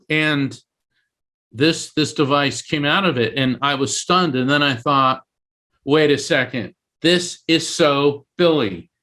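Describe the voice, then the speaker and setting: A middle-aged man from Central Florida tells a story in a loose, conversational way, with a voice of ordinary middle pitch. He gets animated and climbs high in pitch when acting out the shouted parts. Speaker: author and medium. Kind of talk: casual spoken storytelling.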